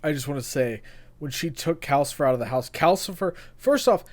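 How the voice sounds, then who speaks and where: A young man co-hosting a casual podcast chat, excitable and rambling, often restarting his sentences. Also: a little high, brisk. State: hiccups. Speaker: podcast co-host.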